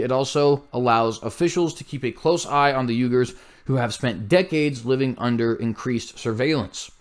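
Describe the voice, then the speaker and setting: A man's voice: mid-range voice, animated, fairly quick. A man hosting a commentary show, reading news aloud with blunt, scornful asides and frequent slips and self-corrections.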